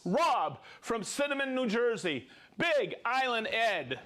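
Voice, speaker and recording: Upbeat high-voiced male stream host. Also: big pitch swings, takes it slowly, noisy background. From United States. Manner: upbeat, joking, reading out viewer names. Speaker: livestream host. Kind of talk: casual live-stream chat.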